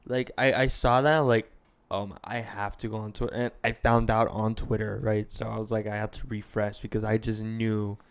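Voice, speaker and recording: A man's voice: fairly low pitch, little pitch movement, normal speed, few pauses, clear, resonant tone. A young man co-hosting a podcast, chatting casually in a rambling, hesitant way with lots of fillers. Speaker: podcast co-host. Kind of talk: casual chat.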